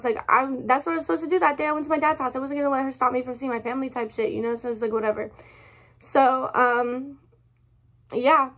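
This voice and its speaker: High-voiced young woman ranting, upset. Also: fairly bright tone. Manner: rambling, heavy swearing, apologizes often. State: upset, close to tears. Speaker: vlogger. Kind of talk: emotional storytime rant.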